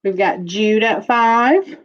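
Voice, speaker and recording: Slow-talking woman running a live jewelry auction. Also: medium pitch, lo-fi sound. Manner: slow, chatty, describing pieces while reading viewer bids. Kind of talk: casual live auction chat.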